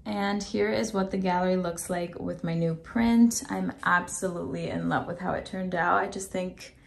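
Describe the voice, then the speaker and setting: A woman's voice: fairly low pitch, steady tone, normal speed, vocal fry. A young woman vlogging casually to camera about her apartment, chatty and upbeat, a little congested. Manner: chatty, upbeat, addresses viewers as "you guys". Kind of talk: casual vlog chat to camera. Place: apartment indoors.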